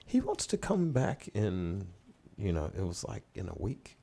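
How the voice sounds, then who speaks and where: A middle-aged man, a studio owner casually telling stories as a podcast guest with relaxed, rambling anecdotes. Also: deep voice, measured pace, vocal fry, hardly any pauses, slightly rough. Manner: relaxed, rambling anecdotes, laughing as he tells them. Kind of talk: casual storytelling in a podcast interview.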